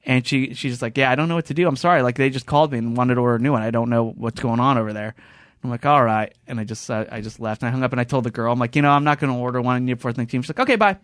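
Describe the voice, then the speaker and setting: A man with a mid-range voice speaks very fast as host of a casual podcast chat in a podcast studio. He tells animated stories, acting out quotes in the voices of their characters. The sound is studio quality, with no echo.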